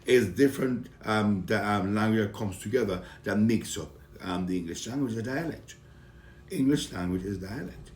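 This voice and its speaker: A man's voice: fairly low pitch, normal speed, darkish tone, reverberant, slight background noise. A man from Saint Vincent with a Vincentian accent, a comedian talking casually and earnestly about his upbringing, sometimes getting heated. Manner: earnest, heated at times, with many fillers and restarts.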